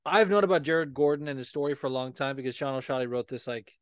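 A man's voice: mid-range voice, quick pace, clean tone, no room sound. A man hosting a podcast in casual chat, rambling with lots of swearing and filler words. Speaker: podcast host.

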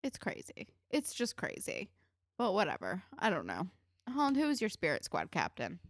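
A woman's voice: medium pitch, moderate pace, no echo, clean studio sound. A woman co-hosting a podcast, chatting casually and laughing as she recaps a TV episode. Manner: chatty, animated, swears, laughs while talking. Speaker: podcast co-host.

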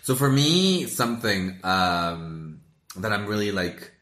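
A man in casual chat, rambling with many halting restarts. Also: on the low side, very animated, a bit bright. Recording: echoey room.

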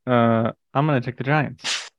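A man's voice: mid-range voice, steady tone, a little slow, dry recording. A man hosting a casual chat podcast, easygoing and hesitant with plenty of filler words. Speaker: podcast host. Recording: dull, dry lo-fi recording.

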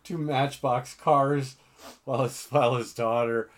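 A man's voice: mid-range voice, steady tone, unhurried. Chatty self-mocking middle-aged man. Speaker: podcast host. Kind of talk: casual chat.

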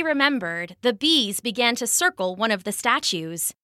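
A woman narrating a children's story in an animated, expressive storytelling manner. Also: on the high side, normal speed, few pauses, no echo, studio quality.

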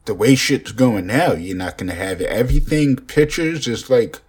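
A man's voice: mid-range voice, animated, moderate pace, husky. A young man rambling profanely and joking in a casual podcast monologue, recorded on a phone. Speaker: podcast host.

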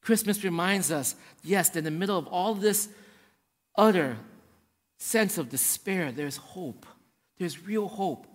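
A man preaching a sermon to his congregation, swinging between hushed and raised passages and often checking in with the room. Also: high-pitched, a little slow. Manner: addresses the congregation directly, checking in with "right?". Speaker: pastor. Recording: long hall reverb.

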